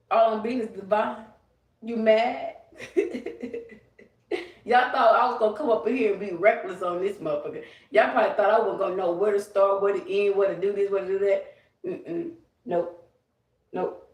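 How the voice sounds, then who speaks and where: A woman's voice: medium pitch, steady tone, normal speed, pauses often, distant mic. A woman ranting on a livestream, profane, emphatic and confrontational. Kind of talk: livestream rant. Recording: roomy, away from the mic.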